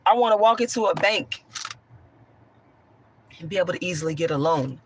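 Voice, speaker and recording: A woman with a hoarse voice, talking bluntly and profanely while answering chat on a livestream. She swings from a raised voice to soft talk. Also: on the low side, animated, moderate pace, a little hiss or hum. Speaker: online commentator.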